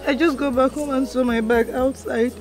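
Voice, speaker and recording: An actress with a Nigerian accent playing a crying young orphaned housemaid who begs and pleads. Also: female voice, high-pitched, fairly even intonation, moderate pace, music in the background, natural voice. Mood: tearful. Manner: pleading, tearful. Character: tearful orphaned young woman thrown out. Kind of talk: Nollywood film acting.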